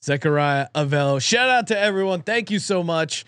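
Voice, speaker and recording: A man hosting a podcast, upbeat and brisk, keeping the show moving in casual talk. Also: a little high, lively intonation, a bit bright, clean tone, no room sound, clean studio sound. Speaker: podcast host. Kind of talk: casual fantasy draft banter.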